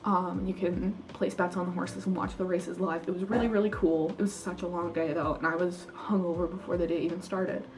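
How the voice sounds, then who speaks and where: A woman's voice: on the low side, level tone, fairly quick, few pauses, recorded from a distance, rough recording. A young woman from Canada, an international student vlogger, telling stories in casual chat that is full of "like" and fillers. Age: young adult. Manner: chatty, filler-heavy storytelling with lots of "like".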